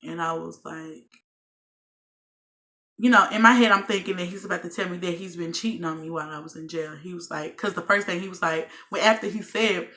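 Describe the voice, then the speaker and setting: A woman's voice: lowish voice, fairly even intonation, a little fast, sharp tone. A young woman vlogger telling a personal story straight to her viewers, candid and swearing freely. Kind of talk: storytime monologue.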